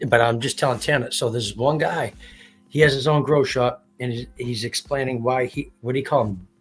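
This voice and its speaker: A man's voice: mid-range voice, normal speed, soft background music. A man hosting a casual livestream, rambling and swearing freely as he acts out what others said. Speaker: livestream host. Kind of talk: casual chat.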